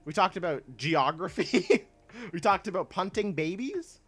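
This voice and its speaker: A man streaming a game, chatting casually with his viewers in a laid-back, rambling way and laughing often, with soft music playing behind him. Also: sits high, lively intonation, measured pace. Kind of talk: casual chat while gaming. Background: soft chill music.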